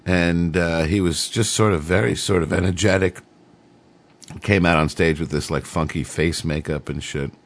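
A man's voice: low-pitched, fairly even intonation, moderate pace. A middle-aged man hosting a radio show, rambling casually between songs with lots of fillers. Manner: rambling, laid-back, many fillers.

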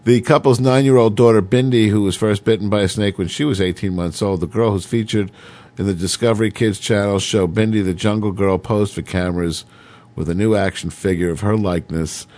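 A man's voice: fairly low pitch, a little mellow. A man hosting a radio show, rambling irreverently and reading news items with sarcastic, crude asides. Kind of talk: casual talk radio monologue.

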